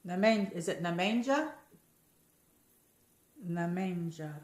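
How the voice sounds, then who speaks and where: A woman's voice: lowish voice, animated, slow pace, darkish tone. Chatty American woman in an echoey room. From United States. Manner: rambling, chatty, reads out viewer comments. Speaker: livestream host. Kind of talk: casual live-chat hangout.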